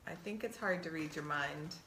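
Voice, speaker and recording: A woman's voice: low-pitched, normal speed, pushed and bright, reverberant, a little hiss or hum. A middle-aged woman co-hosting a show, chatting casually and teasingly with her husband, laughing often. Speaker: podcast co-host. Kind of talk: casual chat with spouse.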